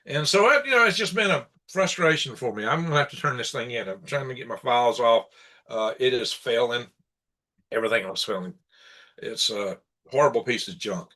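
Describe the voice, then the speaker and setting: A man hosting his own live stream, his voice bright and forward. He talks in a loose, rambling way, venting his aggravation between small chuckles. It sounds like casual, off-the-cuff commentary into a computer setup. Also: mid-range voice, animated, a little fast. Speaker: live-stream show host. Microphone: computer setup for live broadcast.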